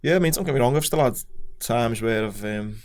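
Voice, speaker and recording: A man's voice: medium pitch, a little fast. A man with a Scouse accent, a podcast guest talking frankly and casually, with some swearing and restarts. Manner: frank, sweary, plain-spoken, hesitant restarts. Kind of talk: casual chat.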